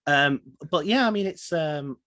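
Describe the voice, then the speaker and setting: A man co-hosting a podcast in casual chat, joking and animated. His voice sits fairly high and swings about a lot. The sound is dry and close. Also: unhurried, dry recording. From outside the United States. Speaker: podcast co-host.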